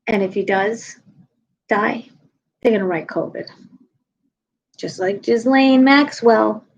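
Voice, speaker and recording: Woman comedian, husky low voice, blunt profane rant, tired, lo-fi stream sound. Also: slow pace. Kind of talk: casual rant to viewers.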